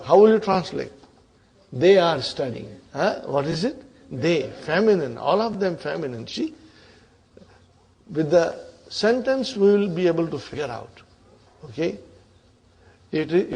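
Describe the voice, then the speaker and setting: Guy teaching arabic grammar, slow, kinda husky, keeps asking the class "huh?". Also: on the high side, a little mellow, rough recording. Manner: quizzes students with repeated questions and "huh?".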